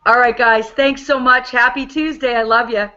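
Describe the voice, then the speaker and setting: A woman's voice: on the high side, steady tone, normal speed, pushed and bright. Upbeat New England woman hosting a team call, slightly dull sound. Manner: upbeat and encouraging. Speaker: host.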